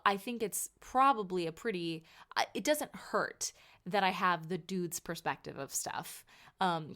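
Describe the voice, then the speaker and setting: A woman's voice: fairly low pitch, a bit bright. A woman in her thirties hosting a casual solo podcast, chatty and emphatic, sounding sleepy and tired. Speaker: podcast host and author.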